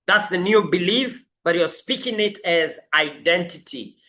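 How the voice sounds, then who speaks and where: Slow, bright-voiced motivational coach. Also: medium pitch. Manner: emphatic, repeating affirmations. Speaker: life coach.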